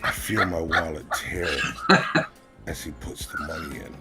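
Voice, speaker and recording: A man co-hosting a comedy podcast, reading a mock-solemn story in a slow deadpan. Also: very deep voice, over loud music. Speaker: podcast co-host reading a comic piece. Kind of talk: comedic reading and casual chat.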